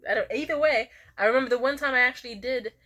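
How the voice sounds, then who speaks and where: A young woman in casual storytime chat, animated and swearing freely, jumping into squeaky high voices when she quotes people. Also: quick pace, lo-fi sound. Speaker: vlogger.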